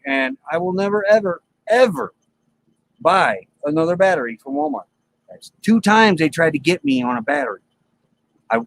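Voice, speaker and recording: A man with a mid-range voice hosts a live stream from his RV, animatedly telling his chat a story in plain, colloquial talk and acting out the dialogue. The audio is poor.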